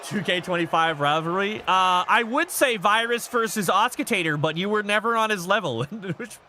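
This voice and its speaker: This is a gaming streamer with a bright, high voice that leaps up and down as he reacts. He chats casually, swears at the action on screen and breaks off to baby-talk his pets. There is a faint ambient hiss behind him. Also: moderate pace.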